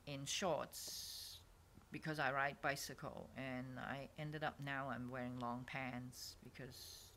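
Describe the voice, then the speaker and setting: Low, bright-toned woman vlogger; digressive, self-interrupting, drifts into near-whispers. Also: slight background noise. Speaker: artist vlogger. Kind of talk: rambling casual monologue. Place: swap meet stall.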